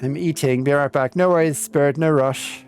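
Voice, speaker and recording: A man's voice: fairly high pitch, steady tone, moderate pace, smooth. Rambling man streaming a game. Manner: rambling and reflective, full of ums. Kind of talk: casual chat with live viewers while playing. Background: faint game music.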